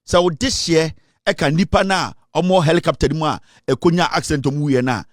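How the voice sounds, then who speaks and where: A man's voice: a little high, normal speed, no room sound. A Ghanaian man hosting a show, giving fiery political commentary in an emphatic, lecturing way from a studio. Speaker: radio and online show host. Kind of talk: fiery political commentary mixing Twi and English.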